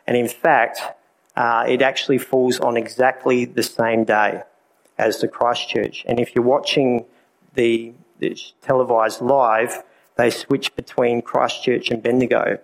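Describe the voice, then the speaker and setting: A man telling a personal faith story in a lively, self-mocking way, sometimes speeding up for emphasis. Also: mid-range voice, a little slow, poor audio.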